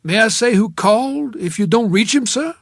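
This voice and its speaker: A man's voice: high voice, animated, moderate pace, vocal fry, no room sound, studio quality, pitched above the performer's own voice, heavily acted. A man voicing a courteous female maid answering a household phone. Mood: polite. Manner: courteous, formal.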